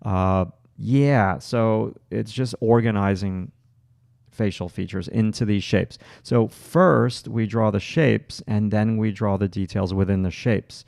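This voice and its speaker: A man's voice: fairly low pitch, fairly even intonation, slow pace, vocal fry, a little mellow, no echo, clean studio sound. A man with a Long Island accent, teaching a livestream drawing demonstration and thinking aloud as he works, with lots of fillers and restarts. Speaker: art instructor.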